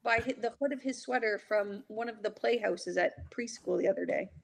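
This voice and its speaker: A woman's voice: mid-range voice, a little fast, vocal fry. A woman in her thirties, a stand-up comedian, chatting casually with brash, profane humor and frequent laughter. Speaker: comedian guest. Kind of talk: casual podcast chat.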